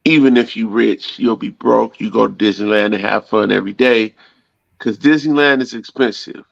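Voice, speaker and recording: A man's voice: on the low side, moderate pace, creaky, no room sound. A man in casual, opinionated podcast talk, blunt and repetitive, using homespun analogies and stumbling over restarts. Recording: dull lo-fi dry sound.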